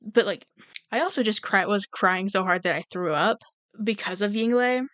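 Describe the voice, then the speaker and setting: A woman co-hosting a casual podcast, relaxed and conversational, often chiming in with short agreements. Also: mid-range voice, moderate pace, no room sound. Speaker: podcast co-host.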